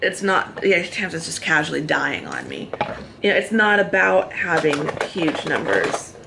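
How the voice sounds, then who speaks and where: A woman's voice: sits low, big pitch swings, measured pace, creaky, background noise. An American woman in her thirties chatting at length in a casual, rambling way while getting ready in a hotel room. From United States. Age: 30s. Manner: chatty, talks in long run-on thoughts. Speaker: vlogger. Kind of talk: casual chat.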